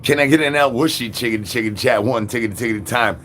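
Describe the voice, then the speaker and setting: A man's voice: medium pitch, fast talker, few pauses, a bit bright, slight background noise. A man, rambling through an absurd monologue with sing-song rhyming babble and nonsense words. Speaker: livestream host.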